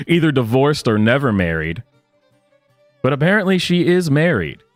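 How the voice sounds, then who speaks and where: A sarcastic man riffs through mocking reaction commentary, with a mid-pitched voice. The sound is close and dry. Soft guitar music plays quietly underneath. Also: very animated, measured pace, no echo. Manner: sarcastic, laughs at the clip. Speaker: commentary channel host.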